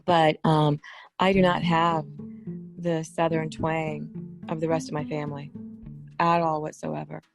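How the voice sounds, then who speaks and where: A woman's voice: sits low, level tone, measured pace, creaky, long pauses, soft background music. A woman with a New York accent, talking earnestly as a podcast guest and telling stories about growing up. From New York area. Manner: earnest, talkative, storytelling. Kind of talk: casual conversation.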